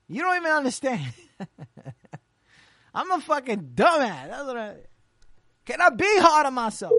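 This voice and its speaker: An internet radio host rattling off quick, slangy shout-outs in casual, hyped chatter. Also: high-pitched, sing-song, no room sound, studio quality. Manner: rapid repeated shout-outs, loose slangy banter.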